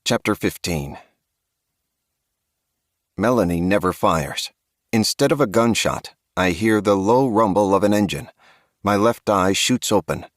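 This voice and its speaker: A man's voice: on the low side, measured pace, long pauses, no echo, studio quality. A man reading a first-person horror audiobook with a grave, tense storytelling manner. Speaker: audiobook narrator.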